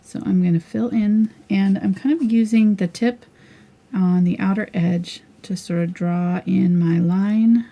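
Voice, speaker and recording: A woman's voice: medium pitch, steady tone, unhurried, warm tone. A middle-aged woman teaching a live painting tutorial, chatting and thinking aloud as she works. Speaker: painting instructor.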